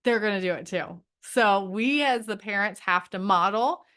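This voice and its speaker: A woman's voice: medium pitch, moderate pace, fairly bright tone. A middle-aged woman coaching homeschool parents in an online training from home. She talks conversationally, often checks in with "right?" and acts out parents' and teens' voices. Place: home, with a dog nearby.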